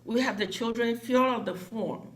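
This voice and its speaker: A woman's voice: on the high side, moderate pace. A woman telling a story to a gathering, acting out the voices of the people she quotes. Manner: animated, acts out quoted voices. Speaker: foundation director.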